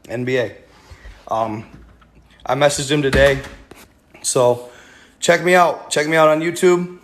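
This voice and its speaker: A man's voice: fairly high pitch, a little slow, long pauses, a bit bright, slight background noise. A man hosting a casual livestream, rambling with many fillers and talking straight to his viewers. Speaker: livestream host.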